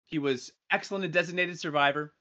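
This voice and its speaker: A man's voice: fairly high pitch, fast, sharp tone, muffled recording. A man chatting casually as a podcast co-host, rambling with many fillers and restarts. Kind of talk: casual chat.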